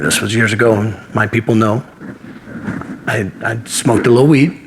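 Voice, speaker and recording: A man's voice: on the low side, pushed and bright, slight background noise. A man in his fifties, a martial arts instructor, telling earnest personal stories as an interview guest and acting out the dialogue of the people in them. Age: 50s. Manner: earnest, anecdotal, acts out dialogue. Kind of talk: interview storytelling.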